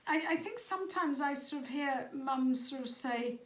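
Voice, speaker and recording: Her voice sits high and moves at a normal pace. She's a middle-aged woman coaching parents, talking with them sincerely and casually, sometimes stumbling over words, and the room echoes around her.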